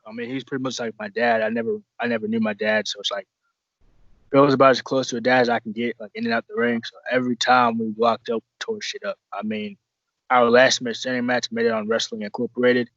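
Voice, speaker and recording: Rambling wrestler guest, dull lo-fi sound. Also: male voice, mid-range voice, a bit bright, dry recording. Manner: rambling, profane, restarts often. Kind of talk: casual podcast storytelling.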